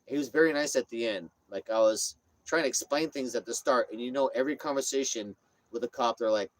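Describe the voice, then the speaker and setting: A man's voice: mid-range voice, brisk. A man livestreaming from his parked RV on a phone, rambling and repeating himself, swearing freely in casual chat. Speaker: streamer. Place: inside a parked RV.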